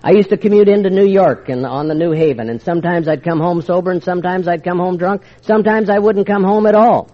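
A wry, confiding older man shares his story with a meeting, slipping into the voices of old arguments as he goes. His voice sits a little high for a man. The recording is dull and lo-fi, as if from an old tape. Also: fast, hardly any pauses. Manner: wry, confiding storyteller who acts out quoted exchanges. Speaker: speaker sharing his recovery story. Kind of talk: storytelling talk to a recovery meeting.

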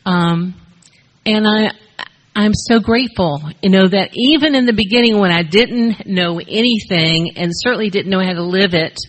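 An older woman sharing her personal story with a group at a recovery meeting, speaking haltingly with many fillers into a shared mic. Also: mid-range voice, low-quality recording. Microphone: shared handheld mic.

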